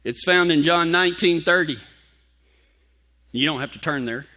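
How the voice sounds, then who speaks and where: A pastor tells a folksy story from the pulpit. His voice sits high and sounds bright and forceful, and he softens to a hush when he reads scripture. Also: moderate pace. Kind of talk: sermon with personal story.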